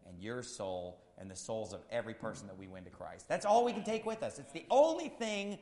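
A male pastor preaching an impassioned sermon, swinging between loud shouts and quiet, low asides. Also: very animated, fairly quick. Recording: long hall reverb.

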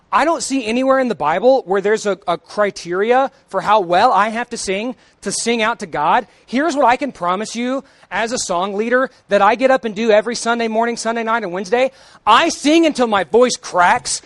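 A young man, a church song leader, preaching a sermon in a plain conversational way that builds to emphatic, nearly shouted points. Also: extremely high pitch, dry recording. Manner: emphatic, rising to near-shouts; conversational, jokes with the congregation. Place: church sanctuary.

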